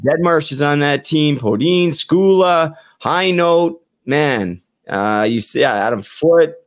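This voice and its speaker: A man's voice: fairly high pitch, expressive, slow, no echo, studio quality. A man hosting a podcast in casual chat, enthusiastic and casually swearing. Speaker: podcast host.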